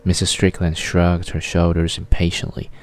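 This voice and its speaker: A man reading a novel aloud in measured, literary scripted narration. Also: deep voice, monotone, slight background noise. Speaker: audiobook narrator.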